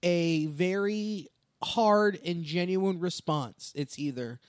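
A male comedian telling animated, profane stories in a casual podcast chat on a studio microphone. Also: sits high, slow pace, no echo. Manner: animated storytelling with swearing. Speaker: stand-up comedian.

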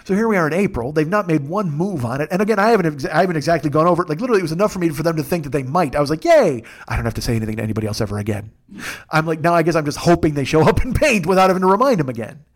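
Middle-aged man, comedic rant, profane, self-mocking, rapid-fire delivery, slightly high voice. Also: expressive. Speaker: podcast host, comedian. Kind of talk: comedic storytelling monologue.

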